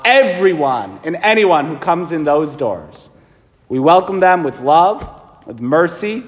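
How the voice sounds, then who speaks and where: A man, a priest, preaching a sermon in an animated, emphatic way, asking his listeners rhetorical questions. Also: a little high. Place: large church. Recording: long church reverb.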